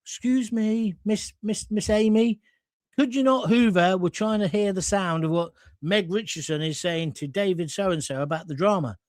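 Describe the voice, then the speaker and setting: Meek young studio hand, put on by a male storyteller, hesitant, lifted pitch. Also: steady tone, normal speed, a little mellow, dry recording, close to an everyday voice. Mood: timid. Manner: overly polite, hesitant. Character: timid polite young male floor manager.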